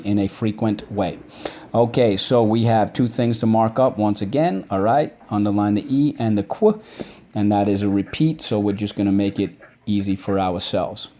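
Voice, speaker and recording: Man, teacher, lowish voice, patient, syllable drills, repeats okay. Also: mellow, a little hiss or hum. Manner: patient, repeats "okay?" after each point. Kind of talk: vocabulary and spelling lesson.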